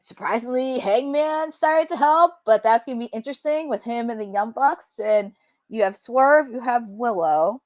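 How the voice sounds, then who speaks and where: A woman's voice: a little high, moderate pace. A woman co-hosting a wrestling watch-along, giving casual live commentary in a chatty, wry, sarcastic way.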